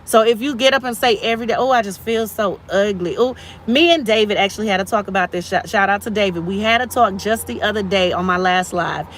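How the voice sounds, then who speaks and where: A woman's voice: medium pitch, fast, hardly any pauses, a bit bright. A woman in her thirties speaks on a live stream, encouraging and a little preachy, and she repeats her key phrases for emphasis. Faint traffic and street noise sit behind her voice. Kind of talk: motivational live stream talk.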